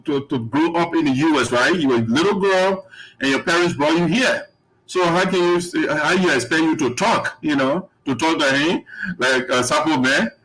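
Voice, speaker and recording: A man's voice: fairly high pitch, a bit bright, rough recording. A man hosting a live online talk show, rambling, laughing often and reading out viewer comments. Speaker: host.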